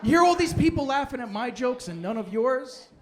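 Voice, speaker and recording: A man's voice: very high-pitched, sing-song, brisk, some chatter behind. A young man doing a stand-up set in a comedy club, sarcastic and brash as he fires back at a heckler. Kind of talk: stand-up set with crowd work.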